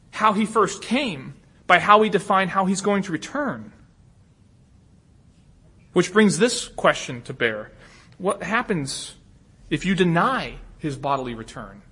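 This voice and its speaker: A man's voice: fairly high pitch, pushed and bright, husky. A man preaching an expository sermon, earnest and emphatic, often repeating a word as he starts a phrase again.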